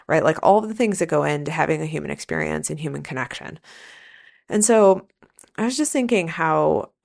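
A woman's voice: low voice, vocal fry. A woman hosting a casual solo podcast, telling a rambling story in a candid, profane way. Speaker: podcast host, nurse and coach.

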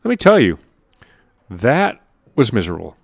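A man's voice: fairly low pitch, wildly swooping pitch, normal speed, creaky, no room sound, studio quality. A man giving an earnest, conversational motivational talk about health and mindset, with emphatic stresses. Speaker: motivational speaker. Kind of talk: motivational monologue.

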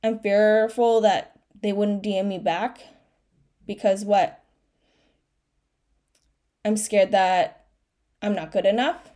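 A woman's voice: medium pitch, fairly even intonation, takes it slowly, pauses often, warm tone. Candid, self-encouraging woman podcast host. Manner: candid, self-encouraging, with frequent fillers and restarts. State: tearful at times. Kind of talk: emotional solo podcast monologue.

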